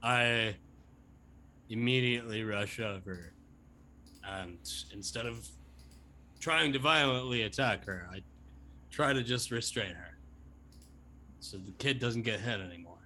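A man playing in a tabletop game who talks hesitantly and deliberately. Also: medium pitch, pushed and bright, slight background noise. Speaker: player. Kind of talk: casual tabletop play.

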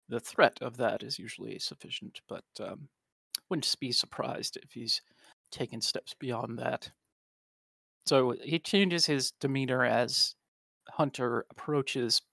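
A man runs a tabletop game in a relaxed way, pausing often as he narrates. His voice has a gravelly fry, and the recording is close and dry. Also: medium pitch, no echo. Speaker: game master.

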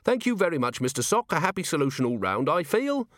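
Earnest young cop guy, man doing the voice, polite, very proper, lively lilt, dry close audiobook sound. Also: a little high, fast, no echo, voice pushed up. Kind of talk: audiobook character voice.

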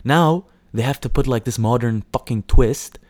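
A man's voice: mid-range voice, normal speed, darkish tone, no room sound, studio quality. A man hosting a casual solo podcast, rambling with lots of fillers, swearing and mocking impressions. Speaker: podcast host.

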